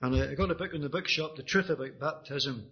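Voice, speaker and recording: A Northern Irish man preaches his own testimony in an earnest, halting way, often repeating words as he restarts. His voice is husky and sits a little high for a man. The recording is dull and lo-fi. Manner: earnest, with frequent restarts and repetitions. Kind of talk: personal testimony sermon.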